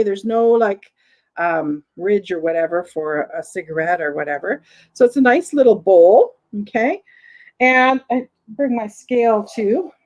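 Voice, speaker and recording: A woman's voice: mid-range voice, low-quality recording. A woman with a Southern American accent hosting a live online vintage sale in a chatty way, reading viewer comments aloud between descriptions of items. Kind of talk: live-stream sales chat.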